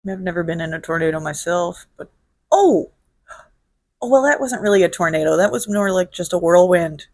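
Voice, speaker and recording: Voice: mid-range voice, moderate pace, darkish tone, no echo, clean studio sound. Blunt, profane host from Illinois. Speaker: show host. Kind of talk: casual solo question-and-answer vlog.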